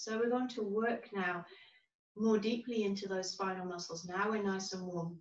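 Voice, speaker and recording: A woman teaching a yoga class, giving calm, gentle, unhurried cues. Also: medium pitch. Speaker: yoga instructor. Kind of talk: guided yoga class instruction. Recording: roomy, distant, dull-sounding recording.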